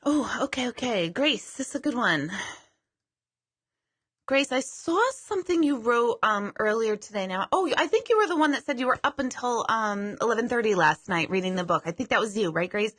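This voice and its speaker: Woman, casual live-stream host, self-deprecating and loose-tongued, bright and slightly high voice. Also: animated, moderate pace.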